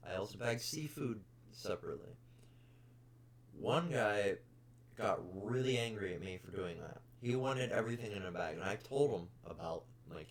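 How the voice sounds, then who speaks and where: A young man with a fairly low voice hosts a casual podcast, ranting bluntly and profanely about customers. His intonation is lively and his pace moderate, and the storytelling carries an exasperated edge.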